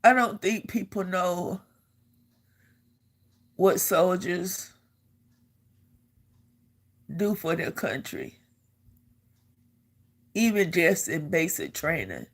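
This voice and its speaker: An older woman recounts her own experience in a low voice, taking her time over every word. She speaks earnestly as she tells her story and repeats phrases to drive a point home. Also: animated, drawn-out words, long pauses, slightly rough. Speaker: vlogger and army veteran. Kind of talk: personal storytelling.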